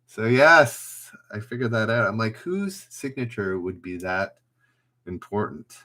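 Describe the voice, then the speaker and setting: Casual man hosting a live trivia stream; bright voice, rambling, talks to his viewers. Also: lowish voice, lively intonation, measured pace. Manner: rambling, thinks aloud, chatty with viewers. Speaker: trivia livestream host. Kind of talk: casual livestream chat.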